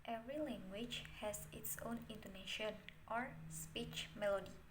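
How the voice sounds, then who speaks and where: A woman's voice: mid-range voice, moderate pace, noisy background. A young woman giving a class presentation on intonation, reading from notes with frequent fillers. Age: young adult. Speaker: student presenter.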